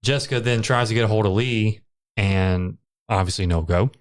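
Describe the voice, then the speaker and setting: A man co-hosting a podcast, recapping a movie in casual chat with deadpan jokes and swearing. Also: fairly low pitch, moderate pace. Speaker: podcast co-host.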